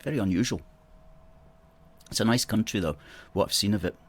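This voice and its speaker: Opinionated Scottish man, lowish voice. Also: a little fast, slightly rough. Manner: opinionated, chatty, rambling with self-corrections. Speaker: host. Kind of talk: livestream commentary reading viewer comments.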